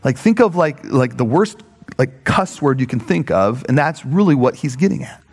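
A man preaching a conversational sermon, animated and full of fillers, often checking in with "right?". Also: medium pitch, moderate pace, slightly rough. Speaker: pastor. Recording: long hall reverb.

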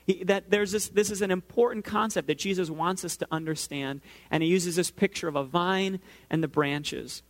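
Male pastor, 30s, higher register, relaxed storytelling sermon. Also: normal speed, few pauses. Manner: conversational, storytelling, talks to the audience directly.

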